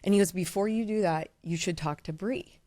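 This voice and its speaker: A woman's voice: on the low side, dark tone, dry recording. Brief: middle-aged woman from Iowa, blunt and profane guest storyteller, dry close sound. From Iowa, USA. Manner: blunt, profane, fast-talking anecdote teller. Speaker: diamond dealer, guest. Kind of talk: casual podcast storytelling.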